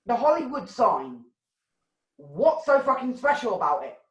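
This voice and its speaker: A woman's voice: fairly high pitch, big pitch swings, measured pace, reverberant, poor audio. A woman hosting a comedy show from home over a video call, ranting and swearing and laughing at her own jokes. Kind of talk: casual rambling stand-up hosting.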